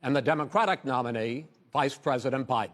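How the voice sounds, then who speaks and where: An American man moderates a televised debate, calmly trying to rein in two candidates who keep talking over each other. His pitch is ordinary for a man. His words ring out with the long reverb of a large hall. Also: very noisy. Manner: measured, tries to keep order.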